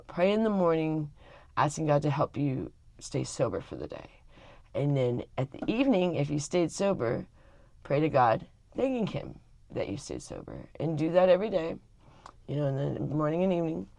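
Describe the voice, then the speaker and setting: Low-voiced rambling woman vlogger. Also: no room sound. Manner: rambling, many fillers and restarts. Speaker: family vlogger. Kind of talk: casual talk to camera.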